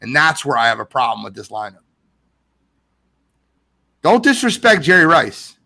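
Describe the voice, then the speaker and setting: A man hosting a casual live sports podcast, reading viewer comments aloud in an animated way. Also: mid-range voice, moderate pace, gravelly. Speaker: podcast host.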